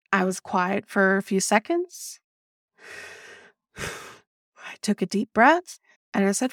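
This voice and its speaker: A woman's voice: medium pitch, takes it slowly, long pauses, dry recording. Podcast host, woman, emphatic storyteller, swears, dry close sound. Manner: animated and emphatic, swears freely, addresses listeners as "y'all". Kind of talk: casual storytelling monologue.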